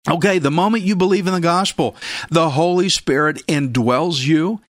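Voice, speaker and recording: A man preaching a sermon with emphatic delivery, repeating key phrases and breaking into sudden loud bursts. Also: a little high, animated, normal speed, no echo, clean studio sound.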